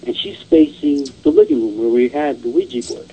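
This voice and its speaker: A man's voice: fairly high pitch, animated, a little fast, mellow, breathy edge, muffled recording. A man casually telling a long ghost story, rambling and repeating "I says" and "she goes".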